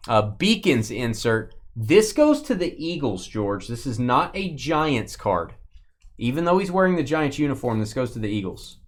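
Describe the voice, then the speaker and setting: A man's voice: mid-range voice, big pitch swings, normal speed. A man hosting a live-stream sports card break, calling out cards and teasing his crew in joking banter.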